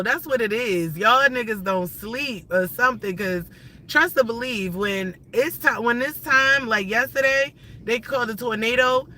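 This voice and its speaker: A woman on a casual livestream, talking in a bright, sharp voice. She rants loosely and excitably, swearing freely and jumping from thought to thought. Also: fairly high pitch, slight background noise, rough recording. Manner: animated, profane, rambling and excitable. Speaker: livestream host.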